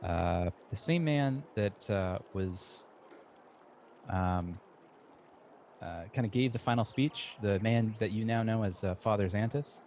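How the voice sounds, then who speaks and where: A man narrating as game master of a tabletop game, describing scenes haltingly with many fillers. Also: on the low side, darkish tone, slight background noise. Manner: halting, lots of "uh" and restarts while describing scenes.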